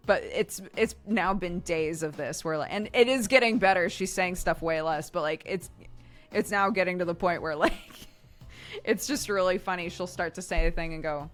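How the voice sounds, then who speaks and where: A woman's voice: on the low side, animated, normal speed, soft background music. A woman in her thirties chatting casually on a stream, telling a story and laughing often.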